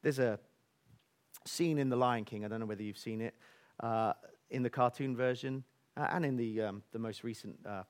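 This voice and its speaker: Speaking at a moderate pace and medium pitch, this preacher delivers his sermon through animated storytelling. He sometimes lowers his voice to a soft near-whisper to stress a point.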